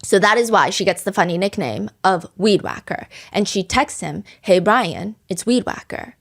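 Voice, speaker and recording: Female podcast host narrating true crime with a relaxed, conversational flow. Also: medium pitch, normal speed, gravelly. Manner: chatty, lively retelling with quoted voices.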